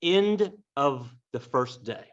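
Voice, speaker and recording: A man's voice: mid-range voice, slow pace. Joking man teaching a story lesson. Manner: joking, lively, addresses class directly. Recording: dull lo-fi recording.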